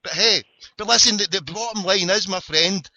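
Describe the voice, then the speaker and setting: Brief: Glasgow host, sharp bright tone, dull lo-fi webcast sound, joking and rambling. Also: male voice, high voice, normal speed. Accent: Glasgow Scottish. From Scotland. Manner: boisterous, rambling wisecracking patter. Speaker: host of an internet show. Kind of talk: jokey call-in banter. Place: parked car.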